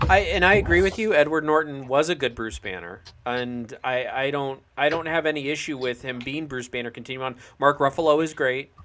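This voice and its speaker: A man's voice: medium pitch, a little fast, few pauses, fairly bright tone, slight background noise. Easygoing man steering a film chat. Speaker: podcast co-host. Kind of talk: casual movie-ranking chat.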